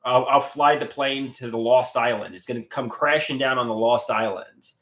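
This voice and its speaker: Man, mid-pitch, agitated livestreamer, repetitive and profane, recorded in an echoey room. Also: normal speed, a bit bright. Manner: agitated, swearing, repeats himself and restarts. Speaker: livestreamer showing his artwork. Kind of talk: casual livestream talk.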